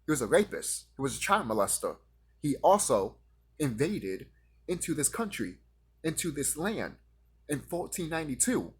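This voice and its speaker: A man delivering a profane, confrontational rant straight at his audience, now and then mocking his critics in a higher voice. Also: sing-song, normal speed, husky. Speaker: vlogger ranting to camera.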